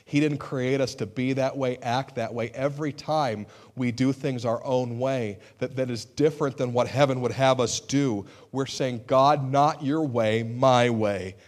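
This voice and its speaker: A man's voice: mid-range voice, fairly even intonation, moderate pace, few pauses, darkish tone. Man, middle-aged, preaching, earnest, emphatic bursts, self-deprecating. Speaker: pastor. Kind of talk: sermon.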